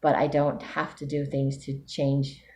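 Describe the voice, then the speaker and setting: A woman's voice: a bass voice, completely flat delivery, unhurried, darkish tone, a little hiss or hum. A woman giving a weekly video diary update, talking candidly and thinking aloud about herself. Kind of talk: casual spoken video diary.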